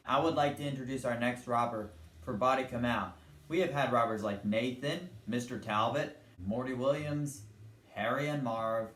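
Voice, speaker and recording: A young man with a somewhat low voice talks to camera in a loose, meandering way, stringing scenes together with lots of "and then". He slips into quick put-on voices for characters. The sound is roomy and echoey, with a faint hum of ambient noise behind him. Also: a bit bright. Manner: meandering, retells cartoon scenes and puts on short character voices. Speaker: channel host. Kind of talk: casual rambling vlog talk.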